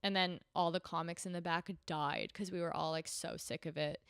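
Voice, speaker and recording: A woman's voice: fairly low pitch, fairly even intonation, normal speed, a bit bright, smooth, no room sound, studio quality. A young woman hosting a casual podcast, a stand-up comic who swears freely and acts out the people she quotes. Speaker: podcast host and stand-up comedian.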